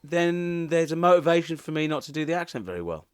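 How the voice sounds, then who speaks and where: A man co-hosting a podcast in casual chat, ranting in an animated way. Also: on the high side, fast, clear, resonant tone, dry recording, studio quality. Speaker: podcast co-host.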